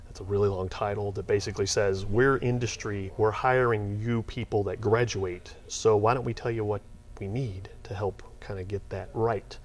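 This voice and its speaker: Animated, rambling middle-aged man. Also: lowish voice, normal speed. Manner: rambling, animated, gets worked up retelling. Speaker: interview guest, software company owner. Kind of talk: casual storytelling interview.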